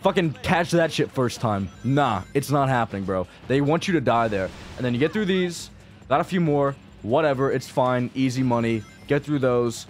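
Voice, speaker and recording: A man's voice: medium pitch, lively intonation, moderate pace. A young man giving casual, profane gameplay commentary as a video creator, rambling and frustrated, dropping to mutters and then bursting out. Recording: faint game music behind.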